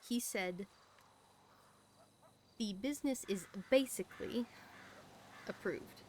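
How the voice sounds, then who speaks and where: A woman's voice: mid-range voice, slow pace, darkish tone, slight background noise. A tired woman chatting in character during a roleplay stream, wry and blunt, swearing casually. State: tired late at night.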